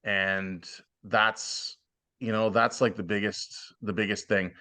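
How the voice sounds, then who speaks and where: A man's voice: lowish voice, flat delivery, takes it slowly, pushed and bright. A man giving blunt, plainspoken advice as a guest in a casual podcast interview. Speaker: podcast guest, former cooking show contestant.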